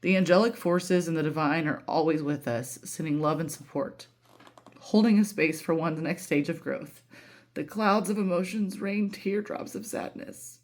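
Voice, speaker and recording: A woman's voice: low-pitched, normal speed, darkish tone. Emotional, candid woman reading tarot. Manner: emotional, candid, swears freely, lots of fillers. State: voice breaking with emotion. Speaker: tarot reader. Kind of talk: casual tarot reading monologue.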